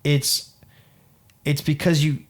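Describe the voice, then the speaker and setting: A man's voice: fairly high pitch, flat delivery, slow. A man in his late thirties, a podcast co-host telling a personal family story in an earnest, heartfelt way during casual chat. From Canada. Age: 30s. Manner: earnest storytelling, acts out quoted family dialogue. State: dad.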